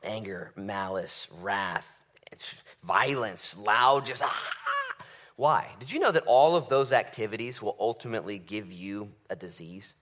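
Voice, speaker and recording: A man preaching a conversational sermon, swinging from loud bursts to hushed asides. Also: on the low side, a little slow. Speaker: pastor.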